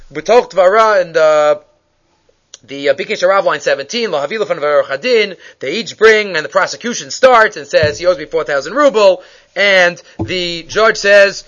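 Animated man telling stories in class. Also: high-pitched. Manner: animated storyteller acting out dialogue, mixing Hebrew phrases. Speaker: Torah teacher. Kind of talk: storytelling Torah class. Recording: dull lo-fi recording.

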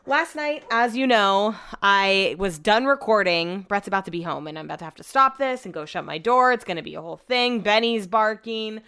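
A woman's voice: mid-range voice, lively intonation, moderate pace, hardly any pauses, bright, forceful tone, clean tone. A young adult woman hosting a podcast from home, telling rambling everyday stories and swearing freely. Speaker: podcast host. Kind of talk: casual chat. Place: home, upstairs room.

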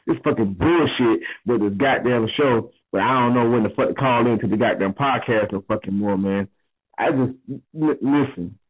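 A man's voice: medium pitch, slightly rough. A tipsy man leaving a rambling, profane voicemail rant. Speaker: voicemail caller. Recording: tinny phone voicemail.

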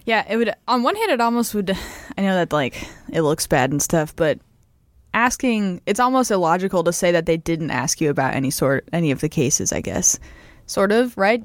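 A woman's voice: on the low side, dry recording. Musing, hedging woman podcast co-host. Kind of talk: casual political podcast chat.

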